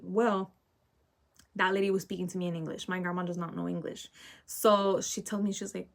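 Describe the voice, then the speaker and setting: Getting ready on camera, a teenage girl vlogger rants through a casual story, full of fillers and constant "okay?" tags. Her voice is medium-pitched and fairly bright, fairly quick, with fairly even intonation.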